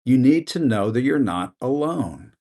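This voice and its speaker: A middle-aged male news host speaks in a conversational way with easy fillers. He builds to impassioned, emphatic commentary and keeps repeating a rallying line. His voice sits at an ordinary male pitch. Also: lively intonation, a little slow, dark tone. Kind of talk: passionate news commentary monologue.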